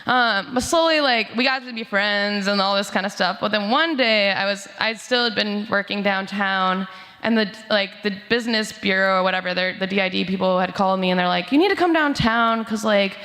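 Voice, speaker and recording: A woman's voice: mid-range voice, steady tone, brisk, sharp tone. A young woman outreach worker sharing a casual, laughing memorial story, full of likes and asides, at a church service. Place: church sanctuary. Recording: echoey church hall over speakers.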